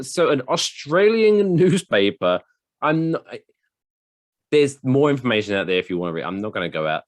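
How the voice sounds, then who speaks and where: A man's voice: fairly low pitch, no room sound. A man hosting a casual comedy podcast, rambling through a story and swearing freely. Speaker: podcast host.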